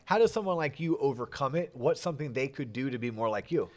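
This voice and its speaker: A man hosting a podcast interview, asking curious questions with halting restarts. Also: medium pitch, animated, darkish tone. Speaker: podcast host.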